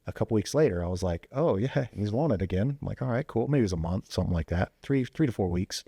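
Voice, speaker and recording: This podcast guest, a former police officer and Marine veteran, spins a casual story in a deep, dark, creaky voice that's slightly rough and fast. His delivery is loose and packed with fillers like "you know" and "like," and he performs quoted lines with lively voice jumps. It's studio-quality audio with no room sound.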